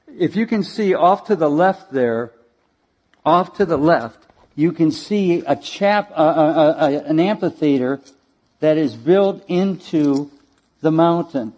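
Male preacher, animated sermon storytelling, dramatic, slightly high voice, calls for slides. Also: slow.

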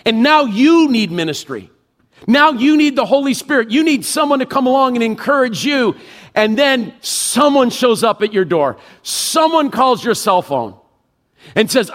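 A middle-aged male pastor preaching with a high voice. He is emphatic, acting out people's inner thoughts and then dropping low and quiet for the Spirit's words. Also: expressive, moderate pace. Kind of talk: sermon.

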